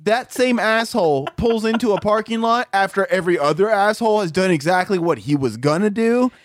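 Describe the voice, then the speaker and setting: A man's voice: high voice, lively intonation, brisk, no room sound, clean studio sound. A man co-hosting a podcast, ranting in an irritated way and swearing constantly in casual chat. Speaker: podcast co-host. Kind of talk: casual profane rant.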